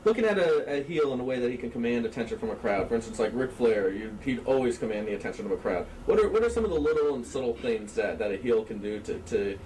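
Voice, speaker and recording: Brief: male interviewer, mid-pitched, stumbling through questions, heard from afar with faint noise behind. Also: animated, a little mellow. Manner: halting, restarts his question. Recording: distant mic with faint background noise.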